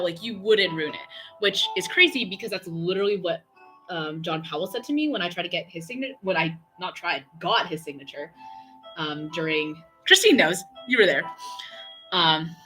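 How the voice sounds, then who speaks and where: A young woman streamer chatting away with a bright, forceful voice, full of fillers and acted-out quotes. Faint music plays underneath her casual storytelling. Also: on the low side. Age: young adult. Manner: chatty, excitable, lots of fillers and quoted dialogue.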